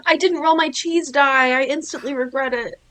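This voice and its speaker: A woman player at a tabletop game with a slightly high voice. She talks in a playful, upbeat way about her dice rolls. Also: steady tone, moderate pace, fairly bright tone, low-quality recording.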